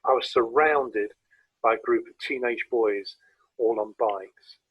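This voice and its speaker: A man with a southern English accent, giving a relaxed, anecdotal photography talk with frequent hesitations over a video call. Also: mid-range voice, a little slow, breathy edge, no room sound, dull audio. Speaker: guest speaker presenting photography. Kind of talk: informal illustrated talk.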